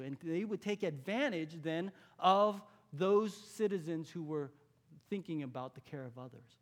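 A man from California, preaching a sermon in a conversational way, asking his listeners questions and dropping to a hush for key points. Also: on the high side, normal speed. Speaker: pastor.

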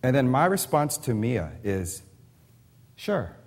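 A man in his thirties delivers a sermon through a homely story and a string of rhetorical questions. His voice sits slightly high and rises and falls with lively animation. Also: moderate pace. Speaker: pastor.

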